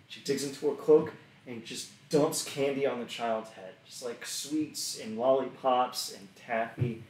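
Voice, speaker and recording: A man's voice: mid-range voice, measured pace, roomy sound, far from the mic, a little hiss or hum, poor audio. A man narrating a tabletop game as game master, in a laid-back way with loose fillers.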